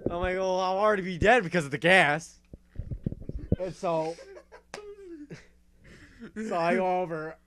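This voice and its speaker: A young man hosting a casual talk show, telling a story in an animated way, laughing and swearing often. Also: sits high, unhurried, long pauses, background noise. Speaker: podcast host.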